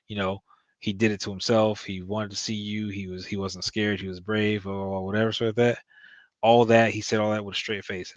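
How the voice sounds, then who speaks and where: A man's voice: lowish voice, no room sound, muffled recording. A man giving a casual, rambling recap of a TV episode, with loose fillers as he retells the plot. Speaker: TV show reviewer.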